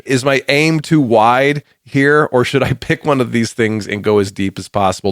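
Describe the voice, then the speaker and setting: A man's voice: medium pitch, moderate pace, few pauses, a bit bright, no echo, studio quality. A man hosting a podcast, introducing a guest in a chatty, joking, emphatic way. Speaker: podcast host.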